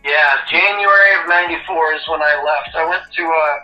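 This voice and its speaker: A man in his fifties, a retired Navy corpsman and podcast guest, telling an animated, profane story and laughing at himself. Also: a little high, fairly quick, roomy sound, distant mic, lo-fi sound, soft background music. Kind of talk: casual interview storytelling.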